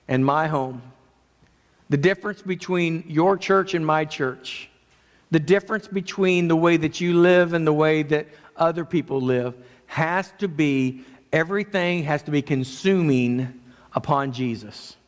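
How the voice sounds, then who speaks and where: A man preaching a sermon as pastor, earnest, moving between raised and hushed delivery. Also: on the high side, measured pace. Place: church sanctuary. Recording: long church reverb.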